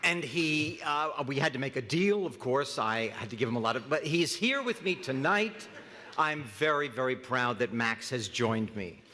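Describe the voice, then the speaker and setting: A middle-aged man speaking as master of ceremonies at an awards event, joking with many halting restarts. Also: mid-range voice, expressive, a crowd in the background, background noise. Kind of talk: comic awards-ceremony emcee speech. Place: large hall at an awards ceremony. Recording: long reverb of a large hall.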